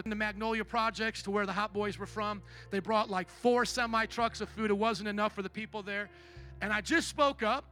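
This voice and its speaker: Male pastor, high bright voice, testimony sermon, quiet then loud, faint music behind. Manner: storytelling, swings from hushed to loud.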